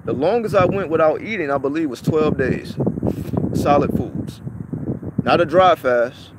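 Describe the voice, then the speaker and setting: With heavy noise in the background, a man in a slightly high, unhurried voice chats casually with his vlog viewers. He curses a lot, goes over the same ground repeatedly, and restarts often.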